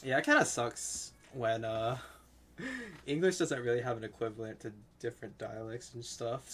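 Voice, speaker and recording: A man's voice: mid-range voice, expressive, normal speed, a bit bright. A man making offhand, chatty comments as a game streamer. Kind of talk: casual gameplay commentary.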